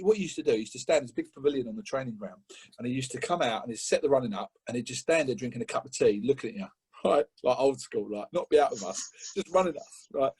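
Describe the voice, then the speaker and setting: A middle-aged man from England, a podcast guest telling an animated story in casual chat, often laughing and acting out what others said. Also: slightly rough. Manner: animated, laughing, acts out quotes with rising pitch.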